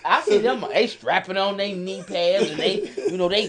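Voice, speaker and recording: A woman on a radio show telling a long personal story in a casual, animated way, often laughing as she talks. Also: mid-range voice, moderate pace, crowd noise.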